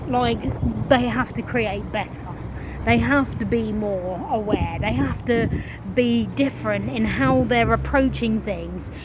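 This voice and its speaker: A woman talks through spiritual ideas in a slow, drawn-out, earnest way, with the odd curse word slipping in. Her voice sits a little high and she takes her time over every phrase. Crickets, insects and passing cars hum clearly in the background. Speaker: spiritual vlogger. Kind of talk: casual spiritual monologue.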